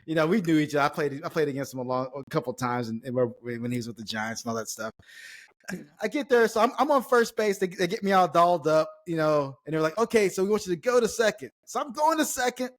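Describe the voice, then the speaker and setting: Guest, male, former ballplayer. Lively raconteur with a slightly high voice. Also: fast. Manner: animated storyteller, acts out quotes, swears casually. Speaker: former pro baseball player, guest. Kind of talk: casual storytelling chat.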